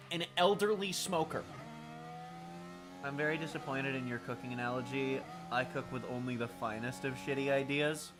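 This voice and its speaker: A man streaming a racing management game, talking casually with a raspy, smoker-like voice, swearing and making wry remarks as he thinks aloud. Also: medium pitch, fairly even intonation, a little fast, hardly any pauses, music in the background. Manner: profane, wry, thinking aloud while playing. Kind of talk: casual live-stream commentary.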